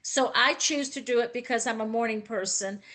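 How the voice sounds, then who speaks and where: A woman's voice: a little high, fairly quick, fairly bright tone. A woman with a Southern American accent, speaking as a guest on a video call panel, gracious and effusive, with a drawl. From Southern United States. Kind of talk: slow, folksy online panel talk.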